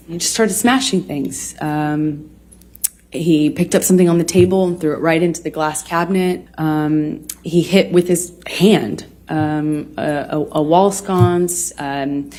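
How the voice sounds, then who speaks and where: A woman's voice: lowish voice, darkish tone. Woman in her 30s testifying in court, stops and restarts a lot, lots of ums. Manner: halting, many restarts and fillers.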